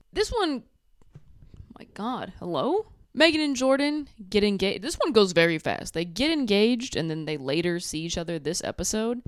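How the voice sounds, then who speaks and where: A woman's voice: medium pitch, no room sound. Young woman doing sarcastic reality tv recaps, voice jumps all over, dry close sound. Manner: sarcastic, animated, acts out quotes. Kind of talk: casual recap commentary.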